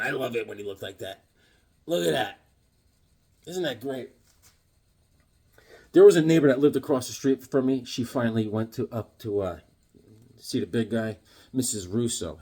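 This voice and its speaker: A man's voice: mid-range voice, slightly rough. A man casually telling rambling, sarcastic stories while showing off his comic books. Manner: rambling, sarcastic, restarts often. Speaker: comic book collector and vlogger.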